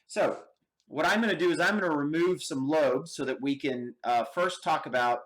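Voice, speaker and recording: A man's voice: on the high side, a bit bright. An American man teaching an anatomy lab, explaining step by step and checking in with his students often. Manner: slow and deliberate, checks in with okay and all right. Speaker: anatomy instructor. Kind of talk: lab demonstration lecture.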